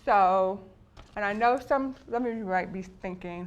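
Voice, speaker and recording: A woman's voice: medium pitch, normal speed, dull audio. A woman explaining spelling patterns to teachers in a patient lesson, often checking in with the listeners. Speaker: teacher educator.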